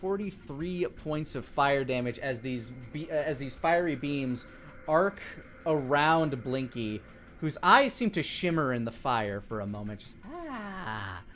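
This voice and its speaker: A man's voice: mid-range voice, a little slow, slight background noise. Man running a tabletop game as DM. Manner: relaxed, tallies dice and describes the action. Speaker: dungeon master. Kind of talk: narrating a live tabletop game.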